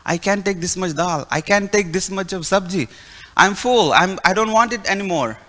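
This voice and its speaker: A man's voice: high-pitched, normal speed, a bit bright, in a large hall. A man playing a humble male devotee who protests in a flustered way. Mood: protesting.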